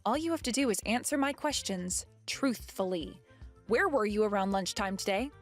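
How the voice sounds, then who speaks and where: A woman's voice: mid-range voice, expressive, normal speed, soft background music, natural voice. A woman voicing a pregnant young wife who questions her mother-in-law in a firm, accusing way.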